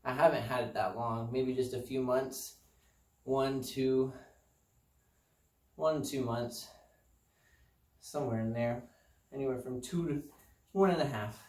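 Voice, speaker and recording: A man's voice: medium pitch, moderate pace, a little mellow, recorded from a distance. A man rambling casually and self-deprecatingly about his apartment home gym. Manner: laid-back, meandering, self-deprecating. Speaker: fitness vlogger. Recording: roomy sound, voice off-mic.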